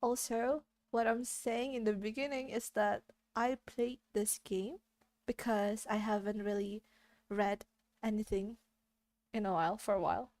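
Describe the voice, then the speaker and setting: A woman's voice: mid-range voice, steady tone, a little slow, a little mellow, no echo. A woman with an Indonesian accent streaming a game in a giggly, apologetic way. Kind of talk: casual live-stream chat.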